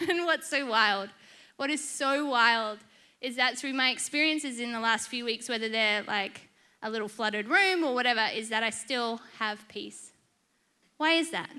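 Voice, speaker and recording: A woman giving a sermon, telling personal stories in a lively, humorous, chatty way. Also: a little high. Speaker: church speaker.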